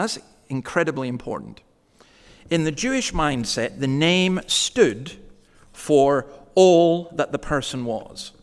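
A man preaching a sermon in a church, talking conversationally and slowing down to stress key words. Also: a little high, in a large hall. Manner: conversational preaching, slows for emphasis.

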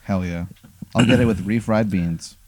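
A man's voice: on the low side, moderate pace, darkish tone, no echo. A man in casual chat, answering in short, laid-back replies. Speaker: podcast co-host.

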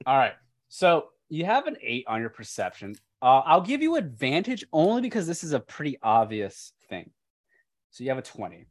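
A game master slowly narrating a tabletop game in a descriptive, playful way. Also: medium pitch, wildly swooping pitch.

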